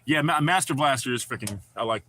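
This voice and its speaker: A man's voice: medium pitch, animated, fairly quick, bright, forceful tone, a little hiss or hum. A man, chatting loosely and profanely with viewers on a live stream. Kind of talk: casual live-stream chat.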